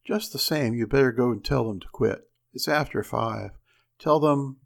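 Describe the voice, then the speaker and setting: A man's voice: mid-range voice, moderate pace, creaky. A man voicing a nervous housewife who turns frantic and pleads in breathless bursts. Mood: uneasy.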